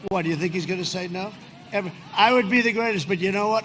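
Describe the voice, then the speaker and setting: A man giving a rambling, boastful rally speech outdoors in cold wind, often shouting to a crowd. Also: high voice, fast talker. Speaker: politician speaking at a rally. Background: large cheering crowd and wind.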